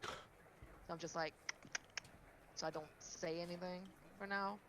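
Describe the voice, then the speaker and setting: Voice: medium pitch, fairly even intonation, unhurried. Stammering tabletop player, noisy recording. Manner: hesitant, stammering. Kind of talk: in-character tabletop play.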